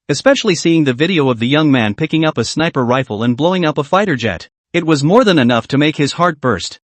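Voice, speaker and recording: Male recap narrator, animated delivery, slightly high voice, dry close sound. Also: dry recording. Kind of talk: scripted story recap narration.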